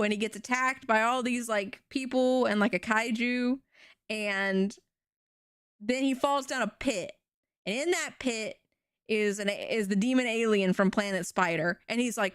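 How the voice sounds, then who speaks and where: High-voiced woman rambling through a story. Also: normal speed, smooth, dry recording, studio quality. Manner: animated, rambling storytelling with swearing. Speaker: VTuber streamer. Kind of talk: casual stream chat.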